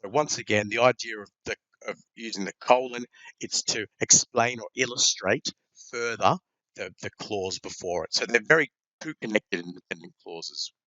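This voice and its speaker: Halting male teacher, bright and close. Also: on the low side, no echo, lo-fi sound. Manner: halting, with many ums and repeated words. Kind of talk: explaining grammar in a lesson video.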